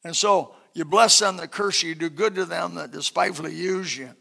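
High, bright-voiced man preaching a sermon. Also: fairly quick, vocal fry. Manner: dynamic preaching that swings from loud bursts to soft, quiet asides. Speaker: pastor.

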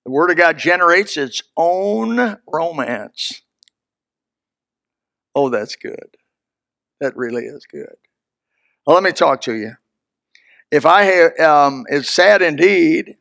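Older male pastor, gravelly and bright, high voice, folksy pulpit delivery that rises to shouts and drops to murmurs. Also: expressive, slow, long pauses. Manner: folksy, swings from loud and high to low and hushed. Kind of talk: sermon.

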